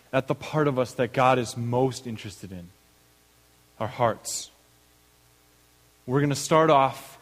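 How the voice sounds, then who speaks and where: A man's voice: mid-range voice, big-room sound, poor audio. A man preaching a sermon, moving from a told story into reading scripture. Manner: storytelling with acted voices, then reading scripture. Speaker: pastor. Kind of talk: sermon with an opening joke.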